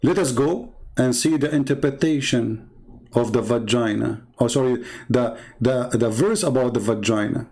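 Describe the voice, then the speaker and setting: A man with an Arabic accent speaks in a mid-range voice, combative and mocking as he answers commenters on a live stream. He often restarts and repeats words, then suddenly leaps up in pitch to taunt. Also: normal speed, darkish tone, poor audio. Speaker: livestream host reading viewer comments.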